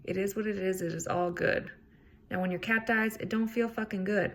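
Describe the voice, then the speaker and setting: A woman's voice: medium pitch, steady tone, moderate pace, fairly bright tone, a little hiss or hum. A woman hosting a solo self-help podcast, talking in a casual, earnest way and swearing freely. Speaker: podcast host.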